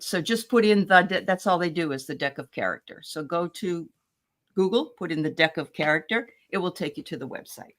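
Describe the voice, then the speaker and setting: A woman's voice: lowish voice, a bit bright. A chatty woman hosts a casual livestream and greets viewers by name. She talks in a loose, meandering way, with plenty of ums and uhs. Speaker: host.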